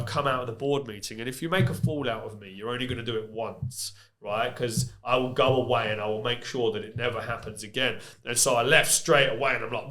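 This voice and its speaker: A man, a podcast guest who runs a construction business, telling candid stories and often filling pauses with "you know" and "yeah". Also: mid-range voice. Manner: candid, lively anecdotes with frequent fillers like "you know" and "yeah". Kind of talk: casual podcast interview storytelling.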